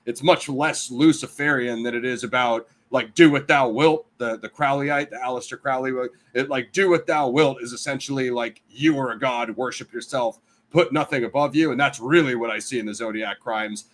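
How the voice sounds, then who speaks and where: A man's voice: mid-range voice, fairly even intonation, normal speed, a bit bright. An American man, a panel guest, talking casually and rambling, with many "you know"s and "I mean"s. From United States.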